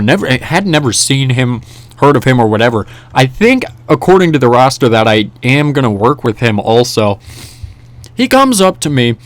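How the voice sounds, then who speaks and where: A young man telling a casual story in a rambling, animated way, with many restarts and fillers. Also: mid-range voice, dry recording. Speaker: vlogger. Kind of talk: casual storytelling over gameplay.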